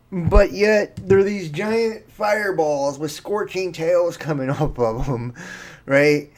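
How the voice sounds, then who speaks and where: A man with a fairly high voice talks slowly and emphatically. He delivers dramatic doomsday commentary and mocks anyone who doubts him. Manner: dramatic, mocking, slow and emphatic. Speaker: commentator on viral sky videos. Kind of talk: conspiracy commentary over clips.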